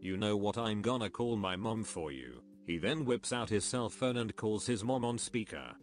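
Low synthetic male text-to-speech narrator. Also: lively intonation, normal speed. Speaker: story narrator. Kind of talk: text-to-speech story reading.

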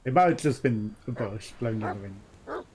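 A man's voice: medium pitch, expressive, moderate pace, a little mellow, slight background noise. A man casually commenting on a game he plays, chatty and jokey and often laughing. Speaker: let's play host.

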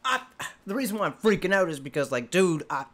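A man's voice: sits high, big pitch swings, fast, fairly bright tone, a little hiss or hum. A man hosting a reaction video, casually exclaiming, swearing and laughing as he comments on a rap track.

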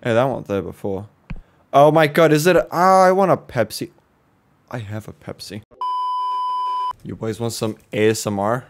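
A man casually commenting while playing a horror game, joking, reacting fast and swearing now and then. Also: mid-range voice, big pitch swings, noisy background. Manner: jokey, swears, quick reactions. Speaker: let's play host.

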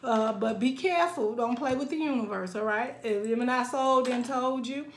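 A woman giving a casual tarot reading in an animated way, laughing often and acting out quoted lines. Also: a little high, moderate pace, roomy sound. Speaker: tarot reader.

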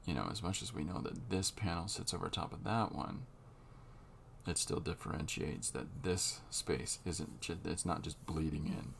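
Man, very low voice, unhurried, thinking aloud, drawing tutorial, light background hiss. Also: gravelly. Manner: unhurried, halting, muses as he works. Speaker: comic artist drawing on camera.

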